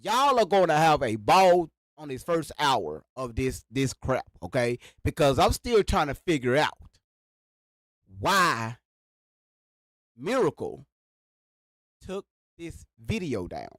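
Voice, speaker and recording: Man, livestream host, high-pitched, bouncy swings in pitch, ranting to chat, repeats himself, on a microphone. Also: slow pace, pauses often, no echo. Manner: animated, repetitive, addresses viewers directly. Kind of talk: live reaction rant to chat. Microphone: sits behind a microphone.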